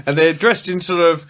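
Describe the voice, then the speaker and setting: A man's voice: a little high, a bit bright. Man, podcast co-host, casual chat, chuckling retelling. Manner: rambling retelling, laughing through it.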